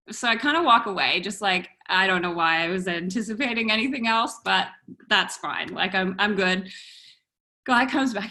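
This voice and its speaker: A woman's voice: medium pitch, moderate pace, pushed and bright. A woman guest on a podcast telling a story casually and animatedly, with lots of fillers and laughter.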